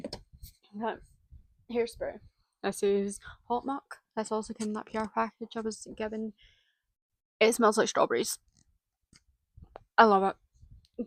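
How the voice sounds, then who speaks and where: A woman's voice: mid-range voice, no echo, poor audio. Chatty young woman vlogging. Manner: chatty, swears casually, laughs often. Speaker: hairdressing student. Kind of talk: casual vlog chat.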